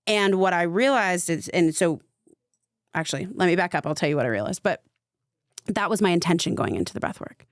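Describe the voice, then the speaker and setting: A woman's voice: lowish voice, animated, brisk, no room sound, clean studio sound. A young adult woman, a spiritual coach guesting on a podcast, telling a personal story in a casual, chatty way full of fillers. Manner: chatty, fillers of "like", vivid retelling.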